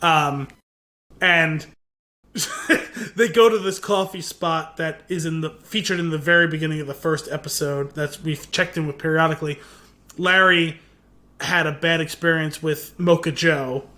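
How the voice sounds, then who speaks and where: A man's voice: a little high, a little slow. A man co-hosting a podcast, casually and animatedly retelling a TV episode with lots of filler words. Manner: animated retelling with quoted lines, many "like" fillers. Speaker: podcast co-host. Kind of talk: casual chat, recapping a TV episode.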